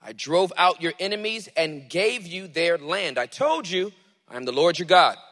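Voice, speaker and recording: A man preaching a sermon, reading scripture dramatically and then teaching in a relaxed way. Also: fairly high pitch, normal speed, in a large hall. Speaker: pastor.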